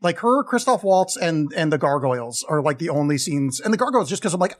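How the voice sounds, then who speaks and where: Animated, swearing male podcast co-host. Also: fairly high pitch, a little fast. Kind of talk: casual film review chat.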